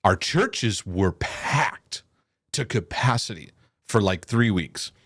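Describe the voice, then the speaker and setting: Man, casual storyteller, lively pitch, dry close sound, quotes people as he goes. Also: slow pace, slightly rough, dry recording. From United States. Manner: animated storyteller, repeats words, quotes people. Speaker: podcast host, former pastor.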